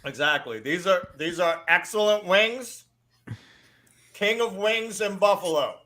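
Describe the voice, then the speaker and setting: A man's voice: high voice, lively intonation, measured pace, bright, forceful tone. A man from New York co-hosting a livestream, chatting casually in a blunt, profane, jokey way. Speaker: show co-host.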